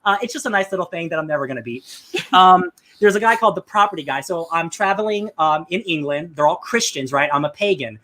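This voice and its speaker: A man co-hosting a podcast in casual chat, telling stories with lively asides and quick acted-out bits. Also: a little high. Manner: animated storytelling, acts out game characters in quick bits. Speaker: podcast co-host.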